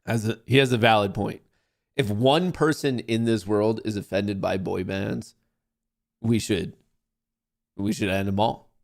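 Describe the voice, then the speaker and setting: A man's voice: fairly low pitch, fairly even intonation, measured pace, gravelly, pauses often. A man hosting a livestream, giving laid-back, wry reaction commentary. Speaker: livestream host.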